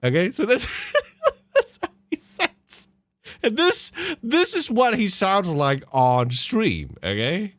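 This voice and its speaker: A man's voice: sits high, huge pitch swings, slow, no echo, soft background music. A man hosting a podcast, reacting to clips with mocking laughter and swearing. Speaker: podcast host. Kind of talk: casual commentary on clips.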